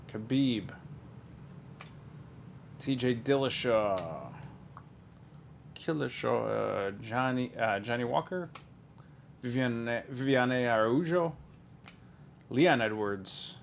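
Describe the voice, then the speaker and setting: A man in a relaxed, offhand running commentary, calling out names as he goes and wandering into side stories. His voice sits at an ordinary middle pitch. A faint hum of room noise sits behind him. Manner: rambling and offhand, trailing into asides and chuckles. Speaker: card breaker. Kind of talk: casual running commentary while opening card packs.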